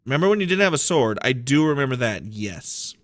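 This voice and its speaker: A man's voice: mid-range voice, animated, fast. A man streaming a game, giving rambling, playful, self-deprecating commentary. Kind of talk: casual gameplay commentary.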